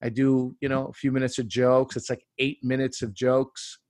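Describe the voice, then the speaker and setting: A man in his forties from Canada, a comedian guest telling stories in a casual, animated way and acting out the voices. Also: mid-range voice, normal speed, dry recording, clean studio sound. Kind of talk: casual storytelling.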